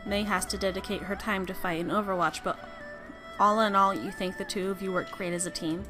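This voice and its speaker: A woman's voice: medium pitch, steady tone, fairly quick, music in the background. A young woman playing a visual novel game, reading the narration aloud and chatting about it along the way. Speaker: gamer. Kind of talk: let's play commentary and reading.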